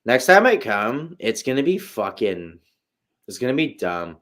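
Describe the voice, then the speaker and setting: A man co-hosting a casual livestream chat, telling animated stories and swearing freely. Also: mid-range voice, a little slow. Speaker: podcast co-host.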